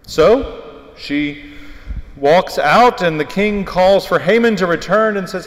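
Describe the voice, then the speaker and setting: Animated preacher in an echoey church. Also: male voice, high voice, takes it slowly. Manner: storytelling, animated, emphatic. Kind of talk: sermon. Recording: echoey hall with long reverb.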